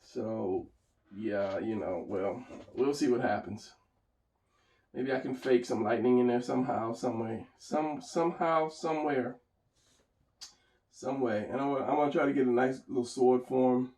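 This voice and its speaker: A man's voice: medium pitch, measured pace, a little mellow, roomy sound, distant mic, rough recording. A man thinking aloud as he talks through his drawing, casual and rambling. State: tired, hiccuping and yawning. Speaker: artist narrating a drawing session.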